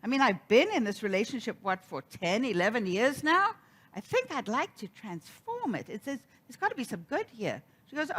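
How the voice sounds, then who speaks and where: A woman's voice: fairly high pitch, big pitch swings, normal speed, fairly bright tone, slightly rough. A middle-aged woman giving a sermon, telling a personal story and acting out the quoted voices. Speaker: minister.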